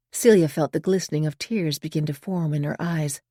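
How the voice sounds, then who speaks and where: A woman narrating a suspense audiobook in a calm, measured storytelling style. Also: low voice, no room sound, studio quality.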